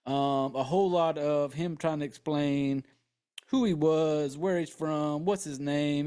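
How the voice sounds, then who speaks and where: Excitable, profane man recapping a movie. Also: fairly high pitch. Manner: acts out characters' lines in quotes. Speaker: podcast host.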